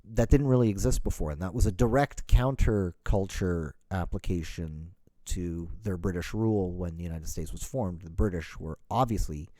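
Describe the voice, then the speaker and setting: Low, mellow-voiced man talking casually. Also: moderate pace, no echo. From Canada. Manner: rambling, self-correcting, lots of "you know". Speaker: podcast host. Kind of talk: casual solo talk.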